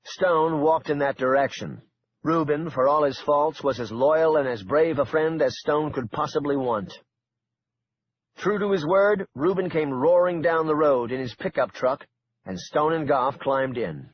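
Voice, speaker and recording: A man narrating an audiobook in an even, steady read, at a middling pitch. The recording is dull and lo-fi, with a faint hiss behind it. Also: a little slow.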